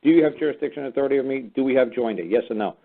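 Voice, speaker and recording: Blunt, fast-talking male radio host. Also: mid-range voice, slight background noise. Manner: blunt, profane and lecturing. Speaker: call-in show host. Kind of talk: call-in radio talk. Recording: phone-like narrow sound.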